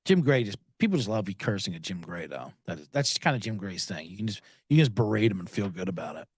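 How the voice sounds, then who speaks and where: Animated, sarcastic podcast host man. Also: lowish voice, fast, slightly rough, no echo, studio quality. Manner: animated, sarcastic, swears a lot. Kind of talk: profane sports betting rant.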